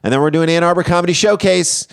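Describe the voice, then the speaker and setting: A middle-aged man co-hosting a comedy podcast, chiming in with quick jokes and reading show announcements. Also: high-pitched, creaky, clean tone, no room sound, clean studio sound. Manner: chimes in with quick quips and affirmations. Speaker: podcast co-host.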